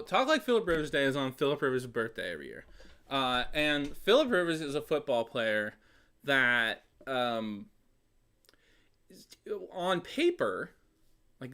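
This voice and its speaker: A man with a fairly high, sharp-toned voice hosts a casual songwriting web show. He rambles and jokes, dropping sarcastic asides and laughing often.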